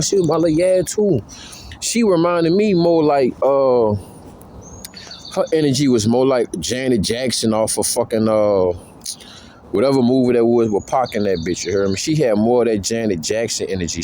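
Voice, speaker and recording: A man's voice: on the high side, a little mellow, a little hiss or hum. A man talking to the camera in a slangy, profane, rambling way, telling stories about his past relationships. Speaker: vlogger. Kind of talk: casual monologue.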